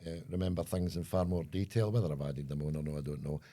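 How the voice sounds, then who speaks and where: A man's voice: a bass voice, fast, mellow. An older Scottish man co-hosting a casual podcast chat, joking and swearing as he tells stories. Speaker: co-host.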